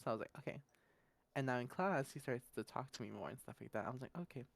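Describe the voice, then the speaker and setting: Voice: mid-range voice, quick pace, creaky, dry recording. Rambling, laughing podcast storyteller. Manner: rambling, laughs often, fills gaps with "da, da, da"; slangy and blunt. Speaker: podcast host. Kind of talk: casual storytelling chat.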